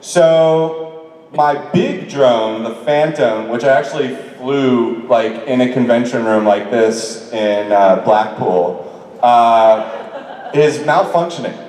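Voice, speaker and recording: A man's voice: mid-range voice, slow pace, darkish tone, recorded from a distance. Chatty man on a convention-hall stage. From New York. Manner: chatty, laughing often, self-deprecating. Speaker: actor answering fan questions on a convention panel. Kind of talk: casual convention Q&A. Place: large convention hall with audience. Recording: echoey convention hall through a PA, heard from afar.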